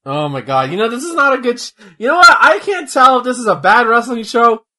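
A man chatting casually while watching old wrestling, excitable and joking, with loud exclamations. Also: very high-pitched, fairly quick. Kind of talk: casual chat.

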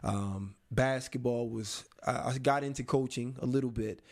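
A young adult man in an interview, telling a personal story in a reflective, halting way with many pauses and restarts. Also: medium pitch, a little mellow.

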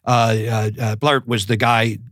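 A male comedian guest telling quick, self-mocking stories on a podcast. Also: medium pitch, flat delivery, a bit bright, no echo, clean studio sound. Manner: quick, self-mocking, bursts into put-on voices. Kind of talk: animated storytelling on a podcast.

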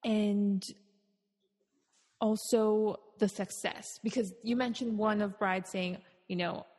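Woman podcast host, breathy tone, meandering questions, long room reverb. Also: mid-range voice, steady tone, takes it slowly, darkish tone. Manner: rambling, restarting questions. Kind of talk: conversational interview.

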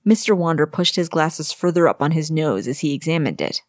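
A woman reading her own story aloud in an expressive storybook narration. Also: low-pitched, a little fast, no echo, studio quality. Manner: expressive, varies voices for characters.

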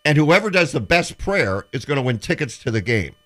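A man's voice: mid-range voice, brisk. A man on a sports talk show, telling stories and acting out the voices of the people in them. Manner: animated storyteller who acts out quotes. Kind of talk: casual radio show chat.

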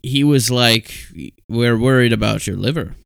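Joking man with a smooth, dry voice. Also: mid-range voice, no echo. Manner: joking, halting with many fillers. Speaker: podcast co-host. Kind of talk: casual chat.

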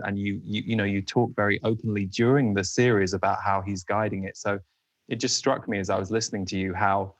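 A man hosting an interview who speaks in a thoughtful, halting way and often repeats words. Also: fairly low pitch, no echo. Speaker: interview host.

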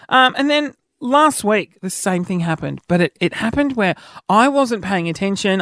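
A man with a fairly bright voice tells everyday stories in a casual, chatty monologue full of self-mockery. He acts out people's quoted dialogue with pitch jumps, in clean studio sound with no room sound.

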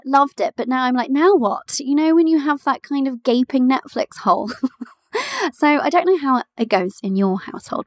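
A woman's voice: fairly high pitch, no echo, clean studio sound. A woman in her thirties hosting a casual solo podcast, chatty and giggly, calling listeners "my love". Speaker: podcast host and business coach for mothers.

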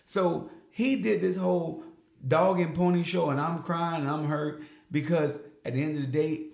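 A man's voice: on the high side, steady tone, moderate pace, creaky, a little mellow. Male sports talk co-host, emphatic and slangy, roomy echo on the mic. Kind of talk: casual opinionated sports talk.

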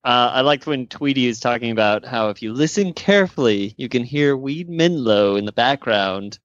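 A man co-hosting a casual podcast, speaking in a relaxed way with lots of "like". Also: mid-range voice, normal speed, no room sound, lo-fi sound. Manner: relaxed, uses "like" often. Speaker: podcast co-host. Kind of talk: casual chat.

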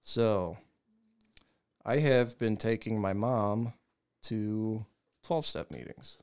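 A man's voice: lowish voice, slow pace, a little mellow, clean tone. A man hosting a podcast, telling crude stories in loose casual banter, full of "like" and swearing. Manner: loose, profane storytelling with frequent "like". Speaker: podcast host.

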